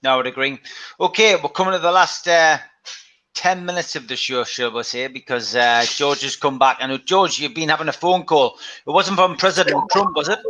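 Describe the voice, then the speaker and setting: A man hosts a relaxed football chat, cracking jokes and moving the talk along. His voice is fairly high and bright with a forceful edge. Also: brisk. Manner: jokey, steers the conversation. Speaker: podcast host. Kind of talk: casual chat.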